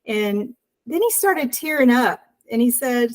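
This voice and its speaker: A woman's voice: fairly high pitch, unhurried, rough recording. Earnest woman telling a personal story. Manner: earnest, animated storytelling with acted-out dialogue. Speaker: interview guest.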